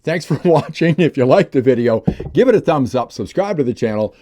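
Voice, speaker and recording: A man's voice: mid-range voice, lively intonation, fairly quick, warm tone. A man delivering a heated opinion vlog about politics, emphatic and ranting. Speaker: political commentator.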